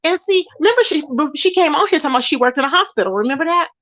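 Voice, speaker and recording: A chatty woman hosts a live stream, gossiping and answering her chat with pet names like baby and child. Her voice sits a little high, and the sound is dry and close, with no room around it. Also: racing, dry recording. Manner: animated and chatty, calls viewers "baby" and "child". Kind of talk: casual gossip commentary.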